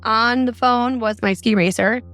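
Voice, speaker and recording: Faint music plays behind this Arizona woman, a mother of four, as she earnestly describes a frightening phone call during a podcast interview. Her voice sits on the high side and is a bit bright, with a steady tone and measured pace.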